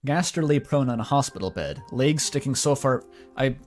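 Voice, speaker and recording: A man reads a story aloud in a relaxed way, his voice mid-pitched. He often stops for self-mocking asides and casual swearing. Faint music runs underneath. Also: moderate pace. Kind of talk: casual read-aloud of fan fiction.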